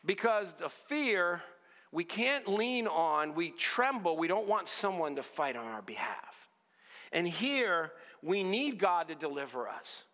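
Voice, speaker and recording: A man preaching an earnest sermon, often dropping to a low hush on key lines. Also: sing-song, slow pace, in a large hall. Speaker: pastor.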